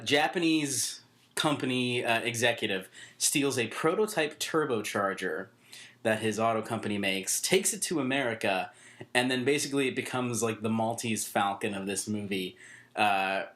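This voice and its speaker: A man's voice: fairly low pitch, fairly bright tone. A man co-hosting a podcast, chatting casually about a movie, joking and laughing often. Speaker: podcast co-host. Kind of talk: casual movie-review chat.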